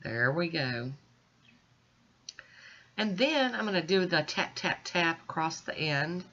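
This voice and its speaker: A woman's voice: deep voice, expressive, slow, fairly bright tone, dull audio. A woman with stuffy, congested sinuses, chatting reassuringly to viewers as she walks through a nail art tutorial at home. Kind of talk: casual step-by-step tutorial narration.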